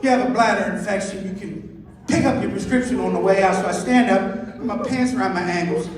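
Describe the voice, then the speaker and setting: A man's voice: high voice, a little fast, crowd noise. A man in his fifties performing a crude stand-up set, telling stories and acting out the dialogue himself. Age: 50s. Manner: crude storytelling, acts out dialogue. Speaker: stand-up comedian. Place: club stage with live audience. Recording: echoey hall from far off. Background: audience laughter.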